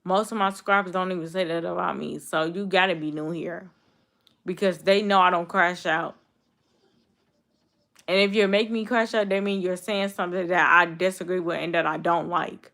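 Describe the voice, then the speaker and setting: Young woman in her 20s on a stream, aave, low-ish voice, blunt and repetitive, talking back to chat. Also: steady tone, moderate pace, vocal fry, a bit bright. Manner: blunt, repetitive, talks straight back to commenters. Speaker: YouTube streamer. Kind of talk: casual live-stream chat with viewers.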